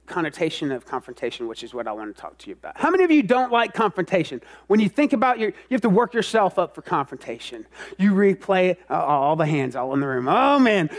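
High-voiced man preaching an animated sermon. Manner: animated, self-mocking, swings into loud outbursts. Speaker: pastor.

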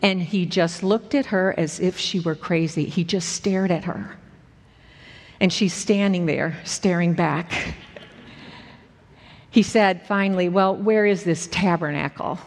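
A woman preacher telling a story in a sermon, earnest and slowing down at dramatic moments. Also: fairly low pitch, darkish tone. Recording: echoey hall with long reverb.

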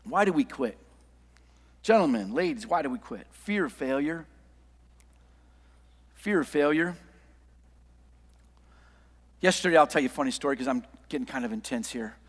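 A middle-aged male pastor preaching a sermon, telling a story and swinging from quiet asides to shouts. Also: mid-range voice, animated, normal speed, long pauses, husky. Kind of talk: sermon with anecdote. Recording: long hall reverb.

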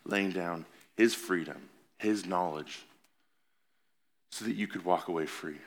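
A man's voice: low voice, unhurried. A man as a pastor, preaching a conversational sermon in a church and rising to earnest emphasis on his key points. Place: church sanctuary.

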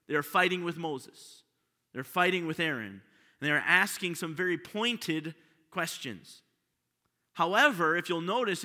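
A man's voice: fairly high pitch, sharp tone. A pastor preaching a sermon to his congregation, often asking them rhetorical questions. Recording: long hall reverb.

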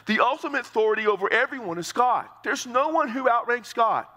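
A man preaching an expository sermon, earnest and explanatory, often repeating words and climbing higher as he drives a point home. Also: animated, a little fast, bright, forceful tone. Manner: earnest, repeats words while explaining, rises in pitch for emphasis.

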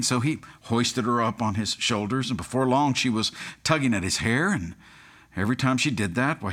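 A man's voice: medium pitch, fairly bright tone. A man preaching a sermon, telling humorous anecdotes and chuckling at his own stories. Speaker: pastor.

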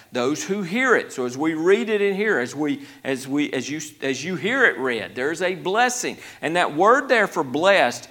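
A man's voice: on the high side, a bit bright. A man preaching a conversational Bible study sermon, folksy, with many restarts, growing emphatic. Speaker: pastor.

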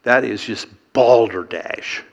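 A man's voice: mid-range voice, takes it slowly, vocal fry, lo-fi sound. A middle-aged man preaching a sermon, earnest and emphatic, building to rhetorical questions.

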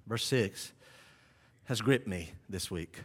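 A pastor preaching a sermon. He moves between quiet, low teaching and loud, vivid storytelling. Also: expressive, slow, big-room sound.

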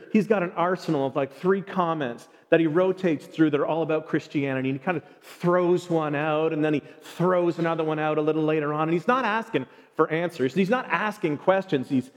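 A man giving a sermon in an animated way, often acting out short everyday exchanges. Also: on the high side. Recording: long reverb.

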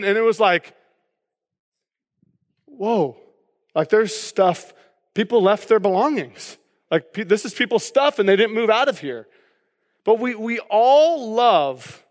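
A man preaching a sermon as pastor, who acts out excited reactions and keeps checking in with "right?" and "okay?". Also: high voice. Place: church hall. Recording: long church hall reverb.

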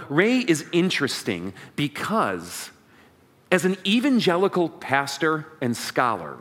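A man's voice: a little high, fairly bright tone. A man preaching a sermon as pastor, leading the congregation in call and response. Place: church sanctuary.

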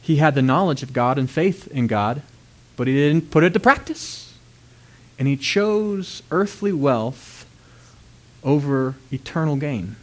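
A man preaching a sermon, retelling a story with lively, dramatic voices for its characters. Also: a little high, a little slow. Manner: animated storytelling, acts out characters with loud outbursts.

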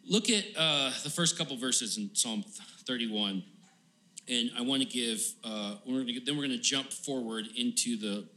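A man preaching a sermon in a casual, halting way, full of fillers and restarts, growing pleading and emphatic as he paraphrases the psalm. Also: medium pitch, bright, forceful tone. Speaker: pastor.

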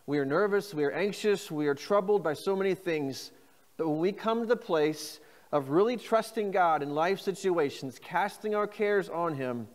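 A man preaching a sermon as pastor, reading scripture phrases slowly and inviting the congregation to repeat them. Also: a little high, in a large hall. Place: church.

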